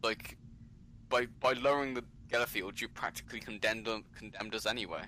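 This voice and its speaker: A man with a low, bright, forceful voice plays a tabletop game. He trades quick in-character retorts and asks about the rules. There is a faint hiss on the voice chat. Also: poor audio. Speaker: player. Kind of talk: casual tabletop play over voice chat.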